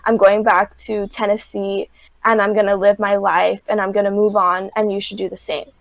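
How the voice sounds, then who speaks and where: At a normal speed and in a mid-range voice, a young woman guesting on a podcast casually retells a reality show over a dry recording. "Like" comes up constantly, and she animates her account by voicing what people said.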